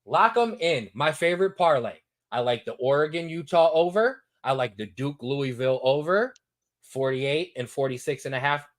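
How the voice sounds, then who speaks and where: A man hosting a sports talk show, giving his betting picks in a lively, repetitive, hyped-up way. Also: medium pitch, moderate pace. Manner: animated, repetitive, hypes picks.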